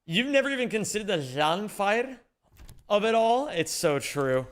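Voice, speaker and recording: A young man with a voice that sits high and a normal speaking speed is livestreaming a game. He banters casually with his viewers in an animated, rambling, jokey way.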